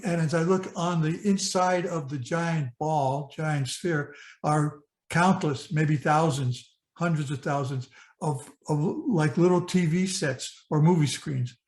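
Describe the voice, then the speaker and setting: A man's voice: on the high side, darkish tone. Earnest man in his eighties, echoey room. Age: 80s. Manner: earnest, vivid present-tense telling with frequent restarts. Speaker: speaker sharing a personal experience. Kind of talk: personal storytelling talk.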